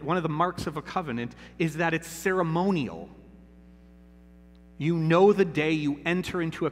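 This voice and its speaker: A man's voice: fairly high pitch, fairly bright tone, long reverb tail, slight background noise. A man in his thirties preaching a sermon in a church, talking casually and asking "right?" often. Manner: conversational, repeats "right?" often. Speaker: pastor. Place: church sanctuary.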